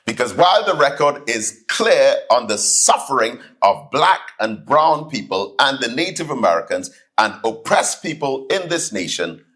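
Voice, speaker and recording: Guy preaching a keynote in a hall, pitch jumping all over, acts out the people in his stories. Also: moderate pace. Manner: animated storytelling, acts out voices in anecdotes. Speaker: keynote speaker, student minister. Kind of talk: sermon-style keynote address. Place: hall, live audience.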